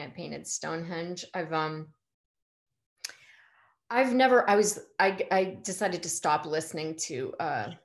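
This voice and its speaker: Halting, hesitant woman artist in her forties. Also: sits low. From United States. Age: 40s. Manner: hesitant, halting, many restarts. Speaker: artist guest. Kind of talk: casual conversation.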